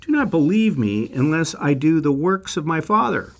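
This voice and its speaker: A man's voice: a little high, big pitch swings, normal speed. A man narrating a scripted lecture on biblical history, reading quotes aloud and adding wry asides.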